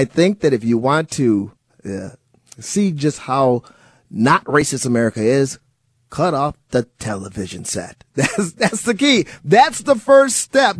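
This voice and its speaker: A man filling in as a talk radio host, giving an animated, sarcastic monologue and chuckling at times. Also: medium pitch, no room sound, clean studio sound.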